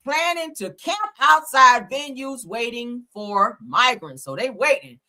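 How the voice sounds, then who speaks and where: Lively, bright-voiced woman host. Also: a little high, a little slow. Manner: animated, slangy, laughs often. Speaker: livestream host. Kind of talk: casual commentary chat.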